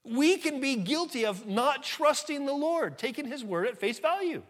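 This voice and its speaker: High-voiced man preaching earnestly. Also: expressive, normal speed, a bit bright. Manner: earnest, conversational preaching with sudden rises in volume. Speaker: pastor. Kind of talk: sermon.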